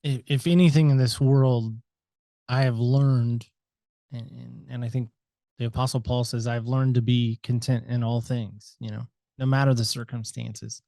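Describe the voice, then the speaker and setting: A man's voice: medium pitch, level tone, moderate pace, creaky, no echo. Talkative reflective man, dry sound. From United States. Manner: talkative, reflective, varies loudness a lot. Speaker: podcast guest. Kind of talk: reflective interview talk.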